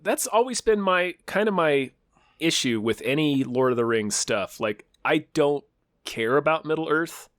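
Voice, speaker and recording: A man's voice: a little high, lively intonation, unhurried, fairly bright tone, no room sound, clean studio sound. A man co-hosting a casual movie podcast, talking in a hesitant way with many restarts. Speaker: podcast co-host.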